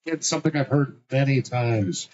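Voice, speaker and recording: A man calling bingo at a live venue, cracking quick rhyming jokes and slowing down to spell out each number. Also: medium pitch, darkish tone, muffled recording, a little hiss or hum. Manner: playful, punchy one-liners, slows to spell out each number. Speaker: bingo caller.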